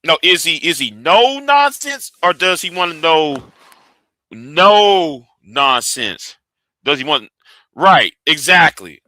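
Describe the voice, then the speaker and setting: A man's voice: a little high, sharp tone, no room sound. A man hosting a live stream, ranting and arguing, often stumbling and repeating his words as he restarts sentences.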